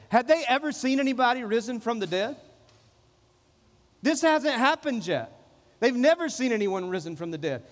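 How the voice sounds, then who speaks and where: A man's voice: extremely high pitch, animated, normal speed, long reverb tail. A man preaching a sermon as pastor, repeating phrases and acting out the people in the passage. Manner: preaching with repetition, acting out quoted voices.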